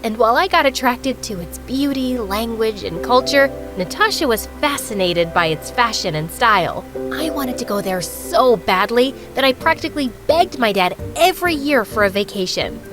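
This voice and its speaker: A woman narrating an animated story as a bookish rich teenage girl, in a chatty, dramatic way. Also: a little high, normal speed, hardly any pauses, music in the background, natural voice, low-quality recording.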